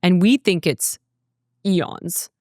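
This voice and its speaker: A woman co-hosting a podcast, chatting casually and encouragingly with quick agreements and playful asides. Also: on the low side, darkish tone, no room sound, clean studio sound. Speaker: podcast co-host and education consultant.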